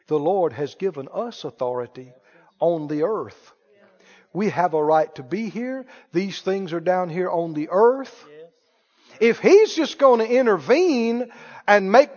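High-voiced man preaching in a reverberant hall. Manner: emphatic, questioning the congregation, rising to shouts. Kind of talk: sermon. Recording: muffled hall recording with long reverb.

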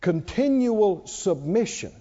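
Man, preacher, lively sweeping delivery, call and response, dull lo-fi sound, church hall. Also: high-pitched, takes it slowly. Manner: call-and-response preaching, asks the congregation to repeat lines. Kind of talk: sermon.

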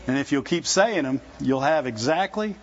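A man's voice: a little high, expressive, moderate pace. A man preaching a sermon in a conversational, folksy way, often asking his listeners rhetorical questions. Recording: dull lo-fi recording.

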